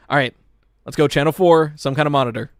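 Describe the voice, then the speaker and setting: Excitable man streaming live to chat. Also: a little high, brisk, smooth, no echo, studio quality. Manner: excitable and animated, swears casually, talks to chat. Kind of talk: casual live-stream chatter reacting to a game trailer.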